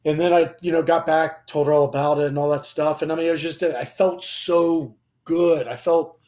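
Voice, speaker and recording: A man's voice: on the high side, steady tone, normal speed, darkish tone. A young man sharing a personal faith testimony in casual conversation, emotional and rambling, with frequent fillers and restarts. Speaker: guest.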